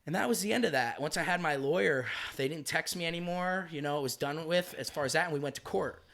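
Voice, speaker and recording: Animated man telling a wild story. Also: a little high, quick pace, creaky. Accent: American. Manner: animated, swearing, acts out quoted voices. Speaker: podcast guest, comedian. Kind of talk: casual storytelling.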